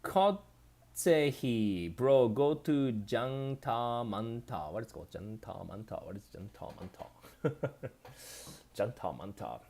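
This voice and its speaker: A man from Japan with a Japanese accent touched by Australian English, a native Japanese speaker, hosting a casual live stream where he reads viewer comments aloud and answers in a loose, halting, chatty way. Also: mid-range voice, expressive, vocal fry, mellow. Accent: Japanese with some Australian.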